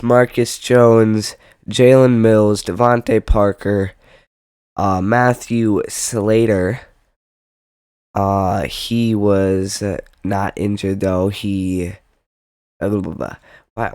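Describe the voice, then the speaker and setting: A man's voice: on the low side, a little mellow, smooth, no echo. A young man giving casual football predictions, rambling with jokey asides and self-interruptions. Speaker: sports predictions vlogger. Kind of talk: casual football picks commentary.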